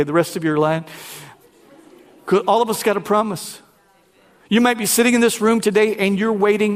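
A man pastor preaching a lively sermon, talking directly to his congregation. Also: high-pitched.

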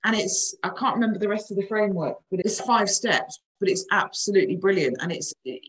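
A woman's voice: mid-range voice, a little fast, slight background noise, low-quality recording. A woman, chatting frankly as a coach on a podcast. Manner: chatty, frank, lively storytelling. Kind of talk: casual podcast chat.

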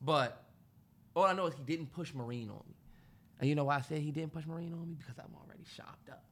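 This podcast co-host talks fast in a higher-pitched voice, with slight noise in the background. Telling a story in casual chat, he's animated and out of breath, acting out what people said and laughing often.

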